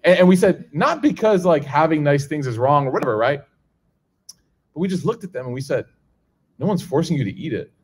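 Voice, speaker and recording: A man's voice: on the high side, sing-song, brisk, husky. A man giving a conversational religious lesson to a live audience, often checking in with the listeners and acting out the people in his stories. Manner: conversational, keeps checking in with "okay?" and "right?"; acts out quoted people in a raised voice. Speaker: religious teacher. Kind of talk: casual lecture to a live audience.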